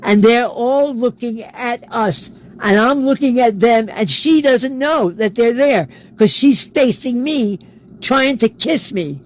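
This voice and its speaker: A man's voice: very high-pitched, lively intonation, slow, poor audio. A man, an interview guest, telling a personal story in a casual way and acting out the quoted dialogue. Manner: acts out quoted dialogue in his stories.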